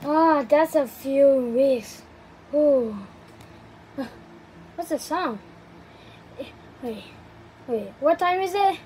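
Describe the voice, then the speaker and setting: A woman narrating her own game play, swinging from hushed murmurs to excited squealing shouts. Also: high-pitched, slow pace, pauses often, slight background noise, rough recording. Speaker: game player.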